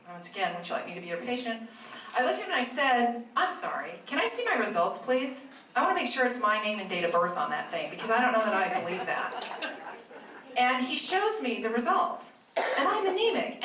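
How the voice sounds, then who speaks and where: A woman's voice: mid-range voice, fairly bright tone. A woman who works as a health practitioner, giving a talk to a live audience in a chatty storytelling way with asides to her listeners. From Arizona, US. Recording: echoey room, mic at a distance, faint noise.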